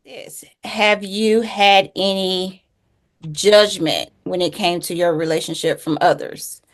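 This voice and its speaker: A woman life coach hosting an interview, asking gentle, measured questions. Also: on the low side, steady tone.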